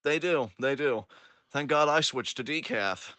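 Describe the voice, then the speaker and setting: A man's voice: mid-range voice, a little slow, no room sound. A man co-hosting a wrestling podcast, chatting casually and profanely, gleefully acting out what wrestlers said. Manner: excitable, profane, gleeful, acts out quotes. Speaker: podcast co-host. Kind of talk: casual wrestling recap chat.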